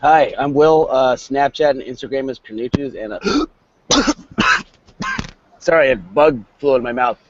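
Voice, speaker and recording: A man's voice: mid-range voice, animated, unhurried, long pauses, dull audio, a little hiss or hum. A man chatting casually as a guest from an outdoor city fire escape, offhand in manner. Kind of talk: casual chat.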